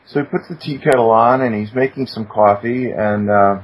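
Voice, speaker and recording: Male guest storyteller, husky, animated, mid pitch, muffled lo-fi sound. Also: moderate pace. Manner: animated, acts out quoted speech with sudden high-pitched exclamations. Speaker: guest, attorney. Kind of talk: storytelling in casual talk. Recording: muffled lo-fi recording.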